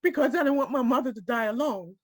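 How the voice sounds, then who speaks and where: A woman's voice: high voice, quick pace, no room sound, studio quality. A woman telling a personal story to a small group, speaking directly and emotionally and often checking that her listeners follow her.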